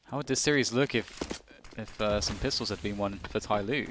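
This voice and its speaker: A man's voice: on the low side, normal speed, background noise. A man casting a live esports match, chatty and analytical with his co-caster.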